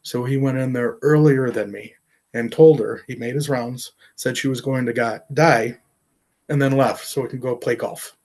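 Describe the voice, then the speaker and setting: A middle-aged man speaks in an interview at an ordinary pitch, earnest and openly emotional. He pauses often and fills gaps with fillers as he recounts something painful. His delivery is plain and unscripted. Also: fairly even intonation, darkish tone. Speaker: artist and professor. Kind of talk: personal storytelling interview.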